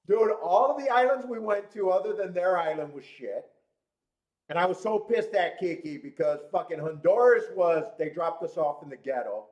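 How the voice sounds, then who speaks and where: A man's voice: high-pitched, animated, normal speed, a little mellow, dull audio. Young male host, slightly raised voice, stuffy from a cold, profane and rambling, casual live-stream delivery. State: congested from a cold. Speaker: horse racing show host.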